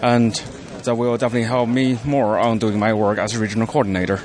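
A man's voice: on the low side, little pitch movement, fast, a little mellow. A man answering interview questions as a regional coordinator, speaking hesitantly with fillers.

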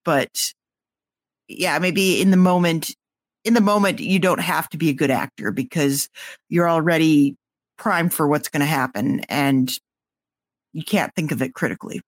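A podcast co-host in casual chat, speaking in a measured, dry and wry way. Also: mid-range voice, no echo.

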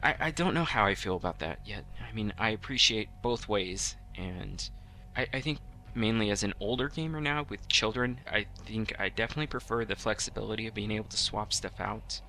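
A man's voice: fairly low pitch, a little fast, bright, forceful tone. A middle-aged man co-hosting a casual podcast, rambling with lots of restarts and fillers. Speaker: podcast co-host.

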